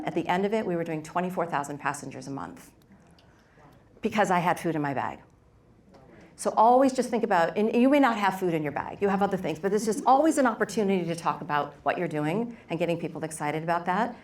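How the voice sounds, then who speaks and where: A middle-aged woman speaks on a workshop panel about raising money for her bakery. Her voice sits a little low, and her talk is candid and lively, full of quick stories and asides.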